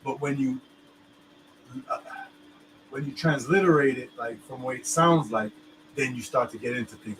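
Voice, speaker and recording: A man's voice: mid-range voice, normal speed. Man in casual chat, talks loosely, lots of fillers and "you understand?", faint background hum. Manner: loose, filler-heavy explaining, keeps checking "you understand me?".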